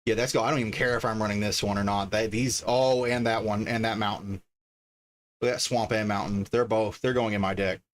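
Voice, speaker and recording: A man's voice: lowish voice, fairly even intonation, fairly quick. A man casually chatting on a livestream as he opens card packs, reading card names aloud and easily delighted by the art. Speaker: streamer opening card packs.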